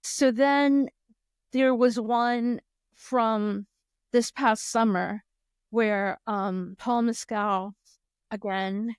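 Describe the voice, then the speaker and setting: A woman's voice: clean tone, dry recording, studio quality. A woman co-hosting a casual podcast, chatty and laughing often as she recounts things. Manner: chatty, laughs often, quick shifts in pitch when quoting. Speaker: podcast co-host. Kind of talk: casual chat.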